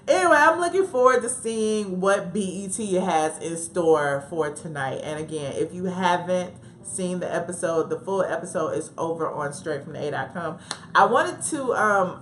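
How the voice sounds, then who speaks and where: Southern woman, low-pitched, casual live-stream host, laughs easily, faint background hiss. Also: fairly bright tone. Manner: chatty, laughs often, talks back to live chat. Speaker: livestream host. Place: home office.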